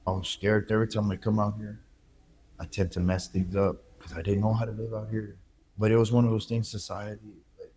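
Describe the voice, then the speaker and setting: A man, speaking as an interview guest and telling his story in a candid, halting, reflective way. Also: fairly low pitch, steady tone, a little mellow. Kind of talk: emotional personal interview.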